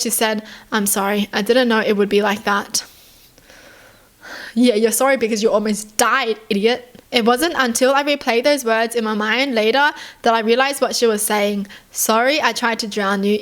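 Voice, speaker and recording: A young woman from Australia, a YouTuber who reads stories aloud and breaks in with indignant remarks and sighs. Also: fairly high pitch. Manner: indignant outbursts and sighs between readings. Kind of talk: reading stories aloud with reactions.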